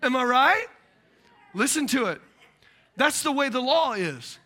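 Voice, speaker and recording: A middle-aged man preaching a sermon, animated and acting out voices of the people in his stories. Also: very high-pitched, measured pace. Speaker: pastor.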